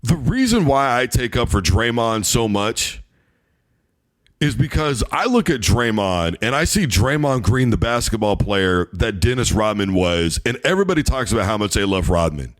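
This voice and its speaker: A man's voice: fairly low pitch, big pitch swings, normal speed. A man hosting a sports talk show, giving a heated, emphatic opinion monologue.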